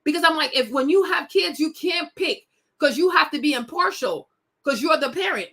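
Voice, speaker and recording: A young adult woman from West Africa, talking straight to her viewers in an animated, emphatic monologue, laughing often and calling them y'all and girl. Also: high voice, moderate pace. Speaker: vlog host.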